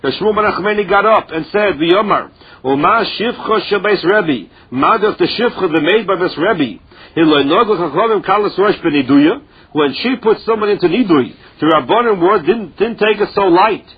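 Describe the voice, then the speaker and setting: A man leads a Talmud lesson, chanting each source line slowly and then explaining it plainly. His voice sits high for a man and sounds husky. The recording is dull and lo-fi. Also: lively intonation. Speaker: Talmud teacher. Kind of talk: Talmud lesson, translating Aramaic into English.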